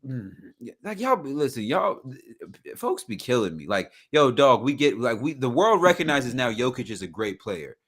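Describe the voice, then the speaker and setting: A man co-hosting a casual podcast chat, animated, slangy and profane, restarting phrases often. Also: medium pitch, moderate pace, husky. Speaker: podcast co-host.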